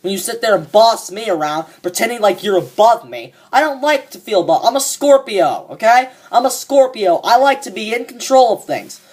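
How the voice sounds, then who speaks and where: This fan performance is a comedic rant: a cocky young man smugly trashes a coworker and swears constantly. The voice sits at medium pitch with a darkish tone, expressive and near everyday speech, moving at a moderate pace with few pauses.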